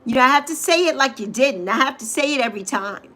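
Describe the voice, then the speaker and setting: A woman's voice: sits high, animated, fast, a bit bright. A middle-aged woman hosting a casual livestream, greeting viewers by name and repeating phrases with gushing affection. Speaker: livestream host.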